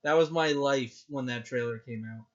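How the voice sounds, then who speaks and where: A man co-hosting a podcast in casual chat, excitable and gushing, acting out his own reactions. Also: mid-range voice, moderate pace, muffled recording. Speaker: podcast co-host.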